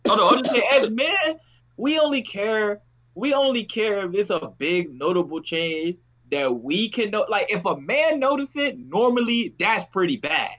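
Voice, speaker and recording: A man's voice: high voice, lively intonation, normal speed, a bit bright. Man, co-host, casual chat, blunt, loose delivery.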